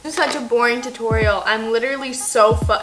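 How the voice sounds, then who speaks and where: A woman's voice: on the high side, steady tone, fast. A young woman talking through a makeup tutorial in a rambling, playful way, swearing freely and going off on tangents. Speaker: beauty vlogger. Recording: music playing underneath.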